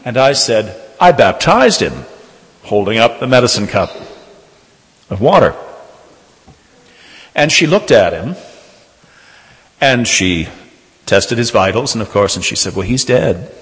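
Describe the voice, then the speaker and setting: A man, a Catholic priest, preaching a sermon and telling a personal story in a measured way, slowing down for emphasis. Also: on the low side, lively intonation, fairly bright tone. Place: church. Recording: reverberant church hall.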